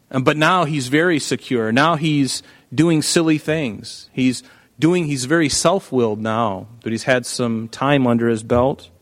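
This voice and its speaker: Animated man preaching a sermon. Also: fairly high pitch. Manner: animated, acts out Bible figures in quotes. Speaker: pastor.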